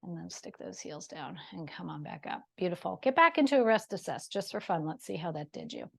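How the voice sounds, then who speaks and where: Breathless chatty woman instructor, low voice. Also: lively intonation, a little fast, vocal fry, slightly rough. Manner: chatty and encouraging, with self-deprecating asides. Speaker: movement class instructor. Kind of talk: guided exercise class instruction.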